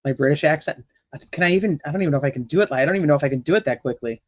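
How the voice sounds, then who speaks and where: A man's voice: a little high, very fast, dry recording. Chatty man with a sore throat. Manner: chatty, swears casually, answers chat. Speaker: livestream host. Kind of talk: casual livestream chat. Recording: dull lo-fi dry sound.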